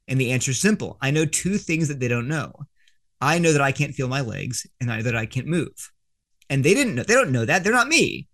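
Author guest: earnest man with a middle pitch, explaining step by step. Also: sing-song, a little fast, fairly bright tone. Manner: earnest and explanatory, with frequent restarts. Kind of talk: explaining an argument in an interview.

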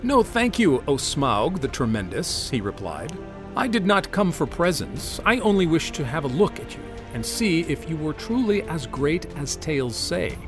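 A man reading aloud, voicing a small, clever male hobbit who flatters and speaks in riddles. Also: a little high, normal speed, over music, voice pushed up. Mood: flattering.

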